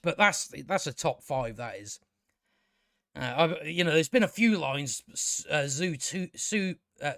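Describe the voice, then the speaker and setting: A man's voice: high-pitched, a bit bright, dry recording, studio quality. A man giving a casual spoken review of a show, exasperated and ranting, swearing freely.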